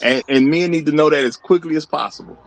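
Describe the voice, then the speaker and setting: A man's voice: fairly high pitch, fast, poor audio. A man hosting a live online debate show, firm and emphatic, repeating his key points. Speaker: show host. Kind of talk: live stream debate and super chat reading.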